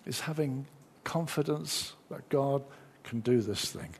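A middle-aged man preaching a lively sermon, acting out the inner voices of his listeners. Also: mid-range voice, slow pace, slight background noise.

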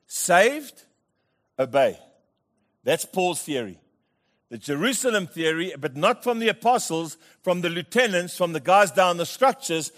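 A middle-aged pastor preaching with lively humour. He repeats words as he builds his points and keeps checking in with "Amen?" His voice sits fairly high. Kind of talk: sermon with comic storytelling.

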